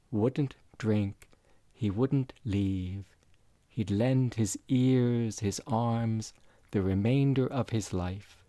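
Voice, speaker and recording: A man reading a literary story aloud as narrator, quiet, measured and reflective. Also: mid-range voice, no room sound.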